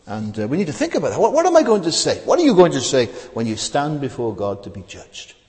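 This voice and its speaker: A man's voice: medium pitch, wildly swooping pitch, fast talker, darkish tone. A man preaching a sermon at a church service, asking the congregation rhetorical questions and often restarting his words. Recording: long reverb of a large hall.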